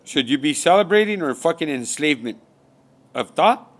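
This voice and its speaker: A man's voice: a little high, lively intonation, normal speed. Man preaching in profane rhetorical questions. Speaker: spiritual speaker. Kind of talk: rambling spiritual monologue.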